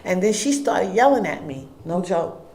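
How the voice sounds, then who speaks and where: A middle-aged woman, a guest telling a personal story in an interview, acting out dialogue and swinging between hushed and loud. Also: lowish voice, sing-song, moderate pace. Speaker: guest, food business owner. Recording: echoey room.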